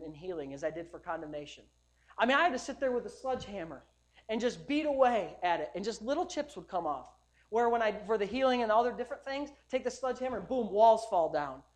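A male pastor preaching a sermon at a church service, emphatic and repetitive, building up to loud declarations. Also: sits high.

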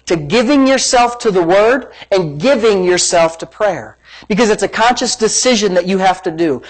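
A pastor delivers a church sermon with driving energy. The preacher hammers points home through repetition and rhetorical questions, pitched in an ordinary middle range. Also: low-quality recording. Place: church service.

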